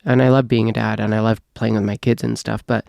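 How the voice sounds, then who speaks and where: A man's voice: fairly low pitch, level tone, fast, creaky, darkish tone, dry recording, clean studio sound. A man, a podcast host now interviewed in casual chat, talking candidly and rambling, swearing freely.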